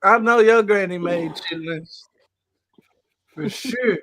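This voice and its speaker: A man's voice: sits high, takes it slowly, a bit bright. A man with a Southern US accent joking and teasing on a casual sports talk show. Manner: playful teasing banter.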